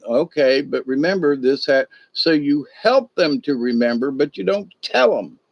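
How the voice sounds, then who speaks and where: A man's voice: mid-range voice, vocal fry, darkish tone, dry recording. A man talking casually late at night on a livestream, rambling and acting out little dialogues in changed voices. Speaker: livestream host. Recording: dull lo-fi dry sound.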